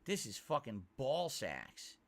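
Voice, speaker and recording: A man talks through a horror game in loose, profane commentary, his pitch jumping around a lot. He sounds mid-range in pitch. A faint room ambience hangs behind him. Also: wildly swooping pitch, slow, creaky, slight background noise. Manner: swearing, frustrated, bursts into alarmed shouts. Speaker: game streamer. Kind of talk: casual let's-play commentary.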